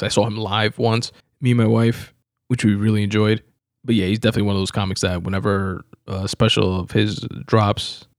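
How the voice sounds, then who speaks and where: A man's voice: on the low side, no echo, clean studio sound. A young man hosting a podcast, rambling casually about a comedy special, laughing and swearing freely. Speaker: podcast host. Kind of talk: casual solo podcast review.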